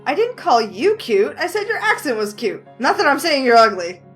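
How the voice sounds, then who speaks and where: A woman's voice: high-pitched, big pitch swings, moderate pace, faint music behind. A woman voicing a cheerful young heroine who playfully teases, read from a visual novel. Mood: teasing. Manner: bubbly, playful teasing. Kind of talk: reading a visual novel aloud.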